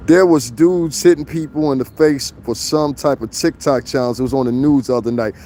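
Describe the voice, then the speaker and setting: A man's voice: medium pitch, brisk, dark tone, slight background noise. A middle-aged man, hosting a casual livestream outdoors in the cold, reading comments and rambling in loose, profane stories. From New York. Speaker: livestream host. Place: outdoors in the cold, city street.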